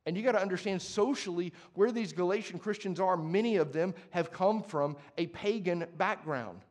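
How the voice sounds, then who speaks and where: High-voiced, passionate young preacher man. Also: moderate pace. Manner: conversational and passionate, swings from quiet to emphatic. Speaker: pastor. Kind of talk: sermon.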